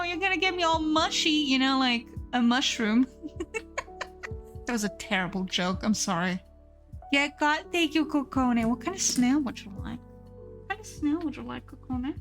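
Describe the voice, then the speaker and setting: A woman's voice: high-pitched, expressive, unhurried, pauses often, soft background music. A woman streamer chatting casually and playfully with her live chat, giggling often and reading messages aloud.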